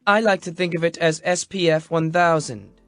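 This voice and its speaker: A man voicing a deadpan sarcastic young woman. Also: a little high, unhurried, soft background music, pitched above the performer's own voice. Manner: caustic near-monotone deadpan. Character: dry sarcastic young woman, standoffish loner.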